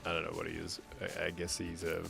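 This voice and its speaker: A man's voice: low-pitched, monotone, fast, creaky, over music. A man co-hosting a game livestream, rambling in a jokey, offhand way and slipping into silly voices. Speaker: livestream co-host. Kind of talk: casual banter over a game stream.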